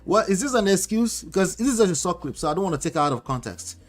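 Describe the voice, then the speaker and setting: A fairly high-voiced man comments on clips, firing off disbelieving questions and chuckling between points. Faint music plays behind him. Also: fast talker. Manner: animated, incredulous questioning with laughs. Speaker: host reacting to clips. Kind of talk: commentary on celebrity clips, reading chat.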